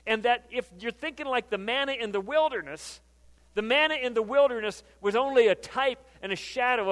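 A man's voice: very high-pitched, a bit bright. A man preaching a sermon in a conversational, emphatic way, reading scripture aloud and repeating phrases for emphasis. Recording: long reverb of a hall.

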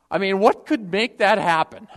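A male preacher delivers an impassioned sermon, rising to loud appeals and falling to hushed prayer. His voice sits high for a man. A long hall reverb follows every phrase.

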